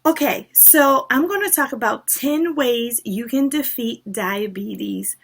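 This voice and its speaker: A woman's voice: fairly high pitch, takes it slowly, vocal fry, loud music behind the voice. A woman vlogger talking casually and earnestly to her viewers, speaking directly and with emphasis. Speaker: diabetes lifestyle vlogger. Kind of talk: casual talk to camera.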